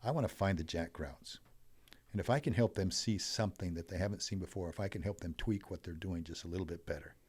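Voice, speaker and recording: Older man, very deep voice, podcast guest, animated storytelling, swelling emphasis. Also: quick pace, husky. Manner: animated storyteller, rising and falling in loudness. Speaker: podcast guest, wealth coach.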